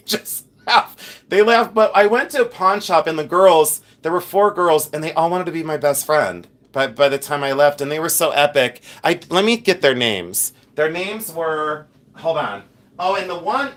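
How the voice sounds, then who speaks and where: A chatty middle-aged man from Ohio hosts a casual live stream as a reseller, reading viewer comments aloud and laughing often. His voice is on the high side and a bit bright, with lively intonation at a normal speed, and he tells stories freely.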